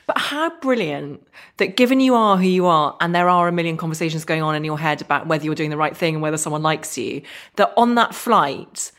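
Low-voiced woman hosting an interview. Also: a little fast. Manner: warmly encouraging, reflective questions. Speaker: podcast host. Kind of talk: interview conversation.

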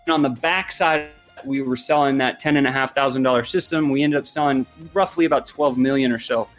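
A man sharing his business story as a podcast guest, energetic and rambling, full of fillers. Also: mid-range voice, brisk, faint music behind. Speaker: guest entrepreneur.

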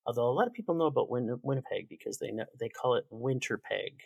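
A Canadian man chats as a podcast guest, his voice gravelly at the edges. He jokes with animated, sarcastic energy. The sound is close and dry, with no room around it. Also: mid-range voice, quick pace, no room sound. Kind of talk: casual chat.

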